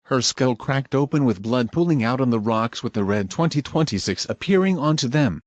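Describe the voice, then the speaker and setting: A man reads scripted narration in a plain, even way, at a middle pitch. The sound is dry and close, with no room around it. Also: normal speed, dry recording, muffled recording. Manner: plain, even recounting of scenes.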